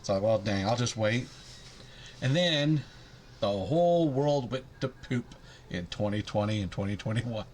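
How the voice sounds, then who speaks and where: A man's voice: lowish voice, expressive, unhurried, darkish tone, a little hiss or hum. A man chatting casually in a rambling, jokey, self-deprecating way about his leatherworking hobby. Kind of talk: casual chat.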